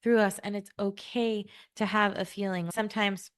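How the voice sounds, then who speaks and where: Woman, podcast co-host, earnest, reflective, long flowing sentences, mid pitch. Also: steady tone, normal speed, clean tone. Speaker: podcast co-host, works with parents. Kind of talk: reflective conversational podcast talk.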